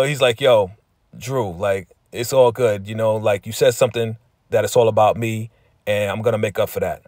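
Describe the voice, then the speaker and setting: A man hosting a casual TV episode recap in a slangy, lively way, often slipping into quotes from the characters. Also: mid-range voice, dry recording, studio quality. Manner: slangy, with frequent "right?" and "you know". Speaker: TV recap host.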